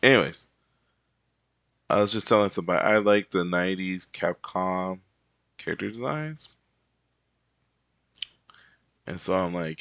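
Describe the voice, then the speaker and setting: A digital artist and content creator with a low, slightly bright voice talks at a normal speed with long pauses in a dry recording. He chats casually while working on digital art, rambling and playful, drifting into humming and little songs to himself between remarks.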